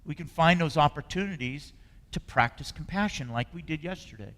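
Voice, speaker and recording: A man preaching a sermon as a spiritual leader. He talks in an earnest, conversational way and often lets phrases trail off softly. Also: fairly high pitch, animated, a little fast. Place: church sanctuary. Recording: long reverb of a hall.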